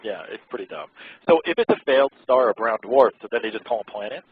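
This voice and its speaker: A man's voice: medium pitch, animated, quick pace, slightly rough, phone-quality sound. A man hosting an internet radio show, chatting casually and reading out web articles in a rambling, irreverent way, laughing often. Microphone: close mic he keeps blowing into.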